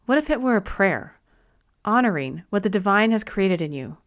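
A woman narrating an inspirational self-help book in a gentle, reflective manner. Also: medium pitch, sing-song, normal speed. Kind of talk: audiobook narration.

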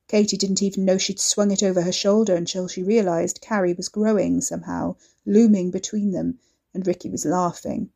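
A woman reading serialized fiction aloud with steady, measured pacing. Her voice is mellow and warm-toned, sitting at an ordinary pitch. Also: vocal fry, slightly rough. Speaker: narrator. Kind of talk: serial audiobook narration.

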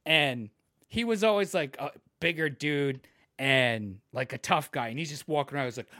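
A young man in casual podcast chat, telling a wild story with lots of swearing and shouted, acted-out quotes. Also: fairly high pitch, normal speed. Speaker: podcast co-host.

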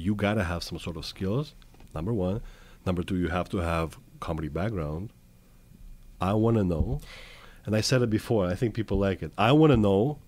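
A man's voice: sits low, darkish tone, husky. A man hosting a podcast, asking eager questions in casual chat, joking and often restarting his sentences. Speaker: podcast host.

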